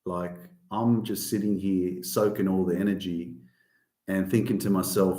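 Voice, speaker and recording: The motivational podcast host talks with emphasis and frequent swearing, pushing his voice up for key points in a casual style. His low, mellow voice moves unhurriedly with little pitch variation, set in an echoey room.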